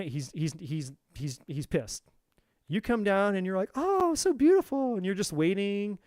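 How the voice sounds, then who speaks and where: A man with a slightly high voice tells a heated story on a live tarot stream. He swears freely and circles back over the same phrases as he builds his point. The sound is close and dry. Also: darkish tone, no echo. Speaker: tarot reader. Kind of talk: live-stream spiritual talk.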